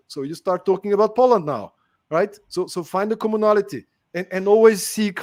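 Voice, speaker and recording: A man hosts a podcast in a relaxed, chatty way, leaning on fillers as he talks. His voice sits a little higher than most men's. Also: normal speed. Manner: chatty, many fillers like "you know". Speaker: podcast host. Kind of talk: casual podcast conversation.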